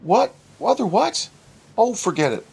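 A man's voice: high-pitched, sing-song, unhurried, creaky, darkish tone, slightly rough, pitched above the performer's own voice, full character voice. A man doing a baffled drive-thru customer. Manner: baffled, exasperated. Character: confused, frustrated male drive-thru customer.

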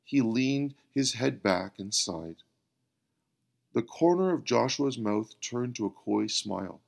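Gravelly male storyteller. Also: lowish voice, animated, takes it slowly. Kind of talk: scripted narration.

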